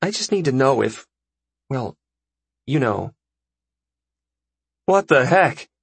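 A man's voice: mid-range voice, very animated, slow pace, creaky, husky, dry recording, pitched above the performer's own voice, exaggerated voice. A man voicing a playful, somewhat insecure young woman in an audiobook, teasing and hesitant.

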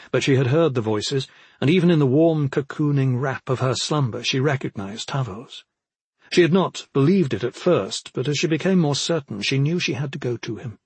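A man reads an audiobook in a steady, even delivery, his mid-range voice carrying a slight huskiness. The recording is dry and close-miked, with no room echo at all.

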